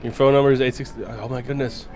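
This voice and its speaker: A man's voice: mid-range voice, flat delivery, fast, darkish tone, faint music behind, rough recording. A man streaming a game live, chatting casually with viewers, joking, teasing and swearing freely.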